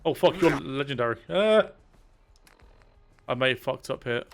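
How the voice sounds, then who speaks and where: A man streaming a game live, swearing often and talking to his viewers in excited bursts. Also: mid-range voice, moderate pace, creaky, a little hiss or hum. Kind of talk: live gameplay commentary.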